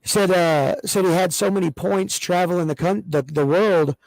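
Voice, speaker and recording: Man, co-host, casual podcast chat, rambling excitable storyteller, slightly high voice, dry close sound. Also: moderate pace, dry recording, low-quality recording.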